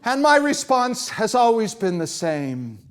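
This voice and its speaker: Lively, high-voiced man telling a story. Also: unhurried. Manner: animated, acts out quotes with big pitch swings. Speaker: composer and performer, guest. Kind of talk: storytelling in a live interview. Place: live event with an audience.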